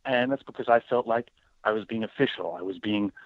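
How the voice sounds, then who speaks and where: Animated male guest with a lowish voice, calling in on a dry phone line. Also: fairly quick, no echo. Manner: animated, acts out quoted voices. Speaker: guest, paranormal educator. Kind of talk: casual interview talk.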